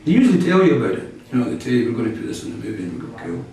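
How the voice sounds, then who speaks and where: A man's voice: mid-range voice, sing-song, racing, dark tone. A man from Scotland with a Scottish accent, a rock musician in an interview who drops dry joking asides. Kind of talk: casual interview chat. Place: old cinema venue. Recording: echoey room from a distant mic, crowd behind.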